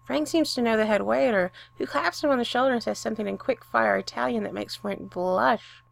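A woman reading a romantic story aloud with expressive storytelling. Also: fairly high pitch, a little fast, creaky. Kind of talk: reading fan fiction aloud.

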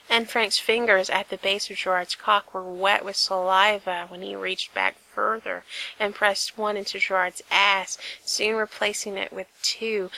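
Woman reading a story in a bright voice. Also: mid-range voice, creaky, low-quality recording. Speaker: narrator. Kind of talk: reading fan fiction aloud.

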